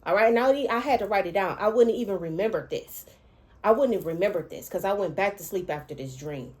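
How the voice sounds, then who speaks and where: A woman vlogging as a dream interpreter, telling a personal spiritual testimony in an excitable way, stretching out words for emphasis and swinging between hushed and loud. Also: mid-range voice, a little fast. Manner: excitable, repetitive, breaks off and restarts, keeps saying 'all right' and 'okay'. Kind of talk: emotional personal testimony to camera.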